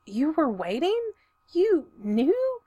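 A woman voicing an excitable, flustered young man who talks in fast, shrill, rambling bursts. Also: no room sound, lo-fi sound, full character voice.

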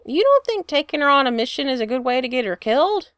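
A woman's voice: high-pitched, big pitch swings, fast, a bit bright, smooth, no room sound, clean studio sound. Woman reading as Tony, a sarcastic rambling man. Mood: doubtful. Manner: teasing, rambling, swears freely. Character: brash quick-talking male genius, sarcastic.

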